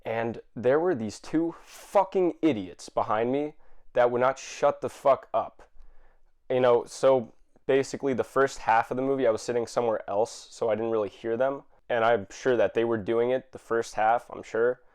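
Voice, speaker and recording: A man ranting to camera, exasperated and swearing, with many fillers and restarts and sudden bursts of shouting. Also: mid-range voice, moderate pace. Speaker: vlogger. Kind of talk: angry rant to camera.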